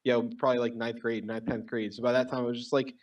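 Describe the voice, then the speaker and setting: A man's voice: medium pitch, little pitch movement, fast, a little mellow, far from the mic. A man in a casual podcast chat, telling a rambling story full of "you know.". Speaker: podcast co-host. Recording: voice a bit off the mic.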